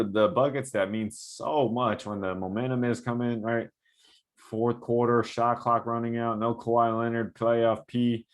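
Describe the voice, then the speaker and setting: A man's voice: mid-range voice, a little slow. A man who coaches basketball talks through game footage casually, asking "right?" often to check that the viewer is following. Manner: animated, coaching asides with frequent "right?". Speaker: basketball trainer breaking down game film. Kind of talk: casual film-breakdown commentary.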